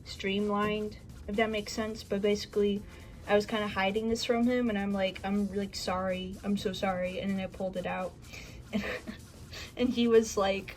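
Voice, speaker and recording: A woman's voice: medium pitch, fairly even intonation, normal speed, poor audio. A woman vlogging casually about her collection, rambling and laughing as she tells a story.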